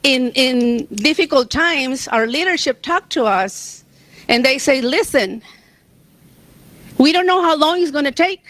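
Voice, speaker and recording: Emotional woman, high voice. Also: expressive, measured pace, a bit bright, no echo. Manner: emotional, near tears, laughs between memories. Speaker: striking union member on a panel. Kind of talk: personal storytelling on a panel.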